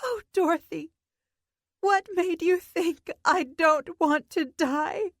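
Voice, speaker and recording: A woman voicing a frantic, desperate young woman who speaks in a shrill, panicked way. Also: takes it slowly, no room sound, clean studio sound, exaggerated voice. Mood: dark.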